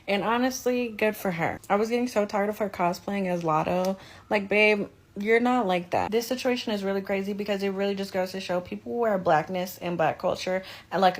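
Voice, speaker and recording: A woman giving chatty, sarcastic vlog commentary, calling people babe. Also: lowish voice. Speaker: social media commentator.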